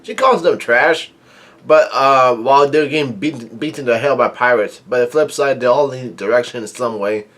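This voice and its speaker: A man casually recapping a manga chapter, rambling with many fillers and reading the dialogue out flatly. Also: medium pitch, moderate pace. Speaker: manga reviewer.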